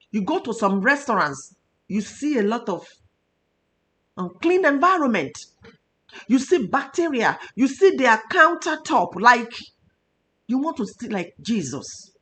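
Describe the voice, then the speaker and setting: A woman's voice: a little high, very animated, unhurried, long pauses, a bit bright. A Nigerian woman, a nutritionist hosting a health talk show, speaking with emotional emphasis. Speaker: nutritionist host.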